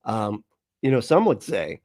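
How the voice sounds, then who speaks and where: A man's voice: lowish voice, sing-song, a little slow, darkish tone, dry recording, studio quality. A man hosting a casual livestream, talking loosely and mockingly, often laughing and swearing as he reacts to clips. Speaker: livestream host.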